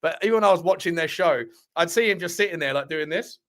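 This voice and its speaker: A chatty man hosts a casual live stream, rambling and bantering with viewers. His voice sits a bit high for a man, and he laughs often as he talks. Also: quick pace, a bit bright. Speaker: livestream host reading chat.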